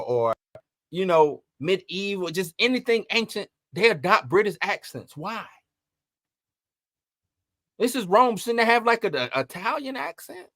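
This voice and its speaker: A man hosting an entertainment news commentary, talking in an animated, emphatic way and piling up rhetorical questions. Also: sits high, no echo, clean studio sound. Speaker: host.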